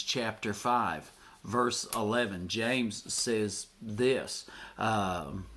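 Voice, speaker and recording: A man's voice: mid-range voice, a bit bright. Earnest man preaching a sermon. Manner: earnest, retells scripture scenes with quoted voices. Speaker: pastor.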